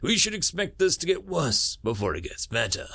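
A man's voice: on the high side, very animated, moderate pace, gravelly, bright, forceful tone, breathy edge, no echo, voice pushed up, heavily acted. A man doing a cold, snarling machine warlord, Legion. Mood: cold commanding. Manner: snarling, cold hard edge. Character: stern ancient male digital war-being, commanding.

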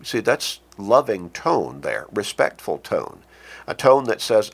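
A man teaching a lesson on communication, speaking slowly and deliberately, with pauses and restarts. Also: fairly low pitch, very animated, creaky, husky. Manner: acts out short spoken examples. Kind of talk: lecture on communication.

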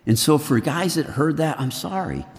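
A middle-aged man preaching to a group of men in a lively, earnest way, swinging between loud and hushed. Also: on the high side, normal speed, in a large hall, soft background music. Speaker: men's ministry speaker. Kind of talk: sermon.

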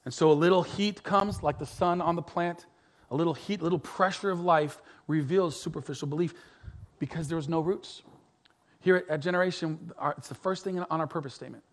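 This is a middle-aged man preaching a heartfelt sermon at a brisk clip, his pitch fairly high. He leans on repetition, rising to strong emphasis and then easing down to quiet, soft phrases.

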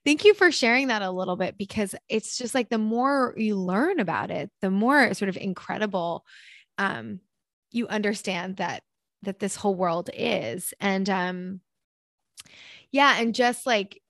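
A woman in her thirties hosts a relaxed interview. She is chatty and laughs easily, often breaking off mid-thought. The sound is dry and close to the mic. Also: medium pitch, a little slow, no echo. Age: 30s. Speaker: podcast host. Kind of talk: casual interview chat.

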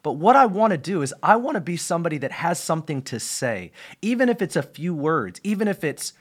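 A man's voice: on the high side, very animated, brisk, hardly any pauses. A man, a pastor, giving an earnest devotional talk on his podcast, stressing and repeating key phrases, with small slips and restarts.

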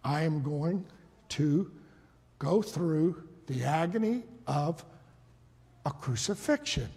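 A man voicing a grave male teacher who quietly confides that he will suffer. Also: fairly high pitch, lively intonation, slow, pitched below the performer's own voice. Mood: somber. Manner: hushed, earnest, confiding. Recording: long reverb of a large hall.

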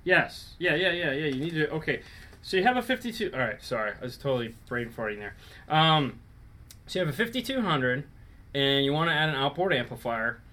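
A man's voice: fairly high pitch, animated, a little fast, pushed and bright. A man hosting a casual live-stream show, explaining car audio setups in a rambling, self-correcting way.

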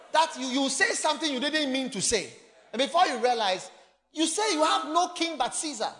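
A man preaching a sermon, reading scripture aloud and explaining it with emphatic, animated bursts. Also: very high-pitched, big-room sound.

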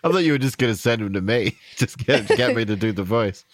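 A man's voice: mid-range voice, expressive, fairly quick, no room sound, studio quality. A man co-hosting a podcast, teasing and playful, swearing freely in casual chat. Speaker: podcast co-host.

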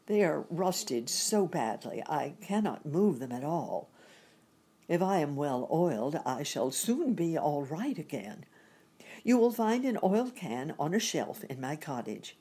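A polite, sorrowful tin man from a storybook speaks in slow, careful phrases, as a woman reader puts him on. The voice is low and breathy, rising and falling widely. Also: sing-song, dark tone, heavily acted. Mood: sad. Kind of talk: storybook reading.

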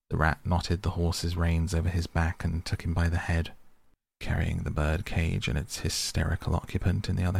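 Deep, gravelly male storyteller. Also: a little mellow. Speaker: audiobook narrator. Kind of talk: storybook narration.

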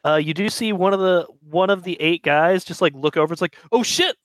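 A man's voice: sits high, fairly even intonation, a little fast, dry recording, poor audio. A man running a tabletop game as game master, narrating in a casual, loose way. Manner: casual, loose, laughing often.

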